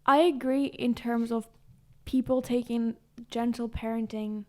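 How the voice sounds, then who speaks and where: A woman's voice: a little high, fairly even intonation, a little slow, warm tone. A woman co-hosting a podcast, chatting casually and sharing anecdotes. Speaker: podcast co-host. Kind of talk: casual chat.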